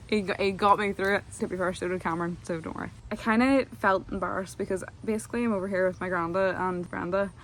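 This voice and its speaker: A woman's voice: medium pitch, fast talker, a bit bright, slight background noise. A young woman, telling a casual, rambling vlog story full of fillers. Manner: chatty, rambling, lots of fillers. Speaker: vlogger.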